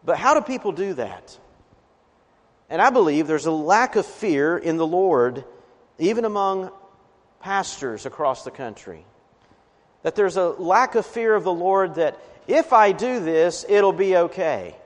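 A pastor delivers a sermon, earnest and pressing hard on key words. His voice sits on the high side for a man. The sound carries a long reverberant tail, as in a church sanctuary. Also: expressive, a little slow. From Appalachian region of the US. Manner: earnest preaching, emphatic swells on key words. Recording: reverberant hall.

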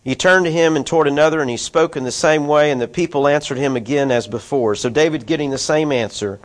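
A man's voice: a little high, quick pace. A man preaching through a Bible passage, reading verses and adding chatty asides to his listeners. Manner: conversational, asides to listeners, voices quoted figures. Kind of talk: expository Bible teaching.

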